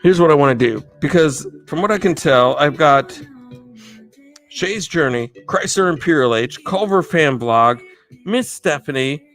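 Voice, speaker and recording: A man hosting a live stream, giving rambling, enthusiastic shout-outs to viewers. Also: fairly high pitch. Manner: enthusiastic, rambling, repeats himself. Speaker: livestream host. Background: faint music.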